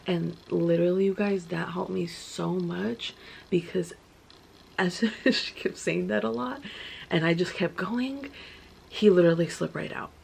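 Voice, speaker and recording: Chatty young woman with gravelly fry. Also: lowish voice, measured pace, darkish tone, slight background noise. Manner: chatty, full of "like" fillers. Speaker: vlogger. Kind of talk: casual storytelling.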